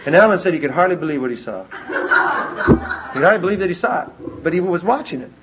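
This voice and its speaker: A man preaching a sermon, telling stories with lively animation and repeating lines for emphasis. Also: fairly high pitch, quick pace, very noisy. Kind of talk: sermon with personal storytelling. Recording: dull lo-fi recording.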